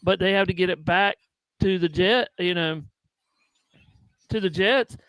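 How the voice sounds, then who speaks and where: Co-host: man with a slightly raised pitch, casual and conversational, dry close sound. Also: unhurried, a bit bright, clear, resonant tone, no echo, poor audio. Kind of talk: casual sports talk.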